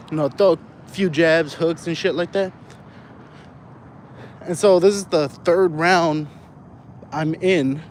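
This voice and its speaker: Young guy, high voice, casual profane storyteller walking a street, faint traffic behind. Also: a little mellow. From Southern California. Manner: rambling, profane, laughs often. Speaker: vlogger.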